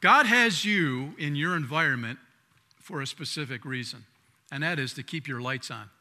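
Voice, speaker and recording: A man preaching a sermon as pastor. He talks in a conversational way, restarting and repeating words, and swings between loud emphatic lines and quiet asides. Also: fairly high pitch, lively intonation, normal speed. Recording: long hall reverb.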